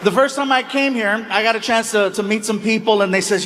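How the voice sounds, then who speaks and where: A man doing stand-up, telling a long story with lively acted-out voices and sudden shouts. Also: sits high, fairly quick, a faint crowd. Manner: animated, acts out voices and shouts. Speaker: stand-up comedian.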